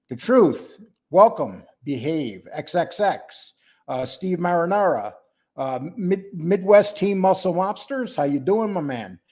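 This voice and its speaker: A man's voice: on the high side, darkish tone. Blunt older man hosting a livestream. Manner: greets viewers by name, blunt and mocking. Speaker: livestream host. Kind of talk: casual livestream chat.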